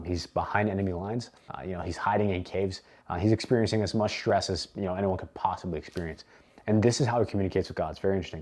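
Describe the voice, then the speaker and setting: A man's voice: sits low, a little mellow. A man coaching in a casual, faith-based talk, earnest and emphatic, often repeating words for stress. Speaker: men's coach.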